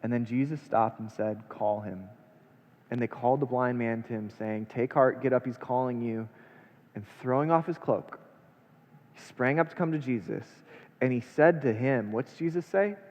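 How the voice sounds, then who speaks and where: A man preaching a sermon, reading scripture aloud and then unpacking it with rhetorical questions, his delivery swinging between hushed and emphatic. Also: mid-range voice, normal speed. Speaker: pastor. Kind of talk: expository sermon. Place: church sanctuary. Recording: long church reverb, dull lo-fi sound.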